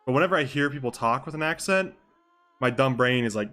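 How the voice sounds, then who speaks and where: A man's voice: medium pitch, quick pace, bright, forceful tone. A young adult man streaming live, chatting casually over a game in a loose, joking way and swearing freely. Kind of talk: casual live-stream chat during game role-play.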